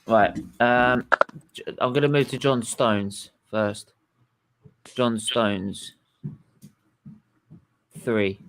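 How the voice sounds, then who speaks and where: A man's voice: medium pitch, drawn-out words, long pauses, background noise. A man hosting a casual football reaction chat, blunt and sweary, rambling with restarts. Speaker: host.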